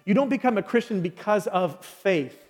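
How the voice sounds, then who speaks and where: A man's voice: sits high, lively intonation, moderate pace, darkish tone. A male pastor preaching a sermon in a large hall, emphatic, repeating key phrases and asking the audience questions. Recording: long hall reverb.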